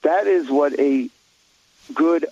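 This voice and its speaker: A man's voice: on the high side, slow pace, dark tone, lo-fi sound. A man talking bluntly in an opinionated talk show chat, rambling with many restarts and fillers.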